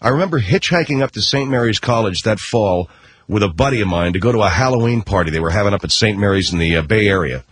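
Brief: middle-aged male radio host, husky and animated, sarcastic rambler. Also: on the low side, fast, dry recording. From Los Angeles area. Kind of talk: radio talk monologue.

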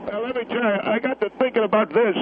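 A man's voice: high-pitched, fairly even intonation, a little hiss or hum, voice pushed up, natural voice. A man putting on a rambling old war veteran. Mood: earnest rambling. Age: over 70. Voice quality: halting, rambling, repeats himself. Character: elderly male Korean War veteran, rambling gun enthusiast. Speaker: caller. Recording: tinny phone line.

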